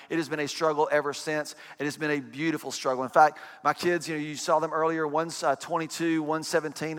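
A man's voice: fairly high pitch, a bit bright, clear, resonant tone. A pastor in his forties giving a conversational sermon, telling stories with chatty, self-deprecating humor. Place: church sanctuary. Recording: reverberant church hall.

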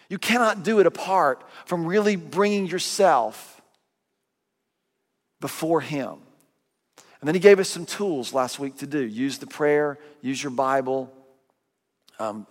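A middle-aged man pastor giving a sermon, telling stories with self-mocking humor and voicing quick asides. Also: on the high side. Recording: long reverb of a big hall.

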